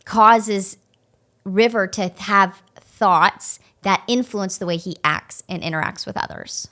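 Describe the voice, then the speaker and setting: A woman's voice: medium pitch, slow pace. A woman in her thirties co-hosting a church podcast, telling stories and acting out chats with her child. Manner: warm, storytelling, acts out conversations with her child. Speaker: podcast co-host. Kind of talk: casual podcast talk.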